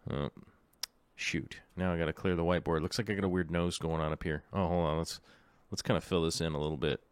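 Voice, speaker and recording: Casual middle-aged male streamer, slightly low voice, dry close sound, rambling and jokey. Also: clean tone, dry recording. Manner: rambling, jokey, lots of fillers. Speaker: livestream host. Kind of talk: casual live-stream chat.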